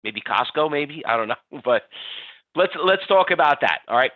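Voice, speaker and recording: A man hosting a live trading webinar, talking in an energetic, chatty way and reading out audience answers by name. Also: a little high, moderate pace, no room sound. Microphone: computer mic on a webinar stream. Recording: dull, slightly lo-fi webinar audio, dry.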